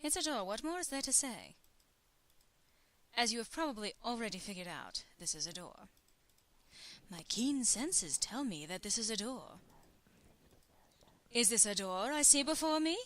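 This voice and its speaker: A rambling English gentleman thief from a video game, put on by a woman, dry and self-mocking. His put-on English accent wavers, his voice sits high and bright, and his pitch swings widely as he jokes his way through the house. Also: expressive, moderate pace, long pauses.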